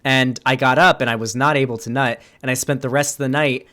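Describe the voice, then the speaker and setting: A man's voice: mid-range voice, steady tone, a little fast, bright, forceful tone. Crude, teasing male host. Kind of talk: casual chat.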